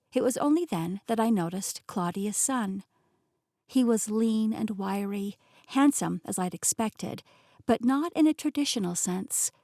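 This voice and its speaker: A woman narrating a novel in first person with lively, expressive delivery. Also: medium pitch, dry recording, clean studio sound. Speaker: audiobook narrator.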